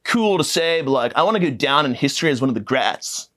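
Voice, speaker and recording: A man doing a mocking impression of a self-important young male movie star, halting and full of fillers. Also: mid-range voice, expressive, pushed and bright.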